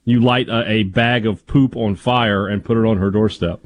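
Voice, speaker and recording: A man co-hosting a radio show, joking with quick asides in casual banter. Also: fairly low pitch, steady tone, no echo.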